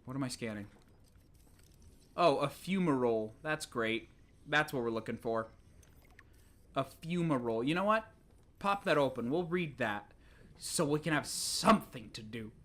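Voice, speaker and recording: Gamer rambling to themself while playing, jumpy and exasperated, middle pitch. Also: moderate pace, pauses often. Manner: talks to self, excitable, exasperated. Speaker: let's play gamer. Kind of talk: casual game commentary.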